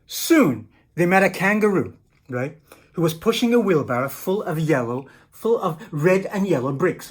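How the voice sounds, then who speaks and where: A man reads a picture book aloud and muses over its illustrations. His delivery is casual and meandering, and he keeps adding "right?" and "you know". His husky voice moves in a lively way up and down. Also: fairly high pitch, moderate pace. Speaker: storyteller and teacher.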